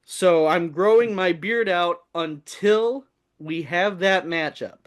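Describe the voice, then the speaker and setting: A man's voice: high-pitched, takes it slowly. A man joining a comedic podcast, boastful and playful. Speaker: podcast regular.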